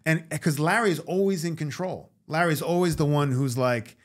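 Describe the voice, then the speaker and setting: A man guest on a podcast, telling stories in a casual, animated way, acting out the voices of the people in them. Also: on the high side, moderate pace. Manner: animated, acts out voices in anecdotes. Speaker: guest actor. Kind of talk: casual storytelling interview.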